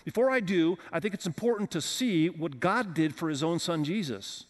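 At a multi-campus church, a male pastor preaches a conversational sermon and puts questions to the congregation. His voice is on the high side and expressive, moving at a moderate pace in a large hall.

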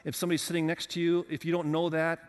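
A man's voice: on the high side, monotone, rapid-fire, big-room sound. A man preaching a sermon as pastor, talking conversationally and putting questions to the congregation. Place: church with several campuses.

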